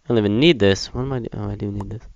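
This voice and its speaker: A young man giving casual, chatty gameplay commentary as a Let's Play gamer, self-mocking and prone to excited outbursts. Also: fairly low pitch, racing, vocal fry, dull audio, noisy background.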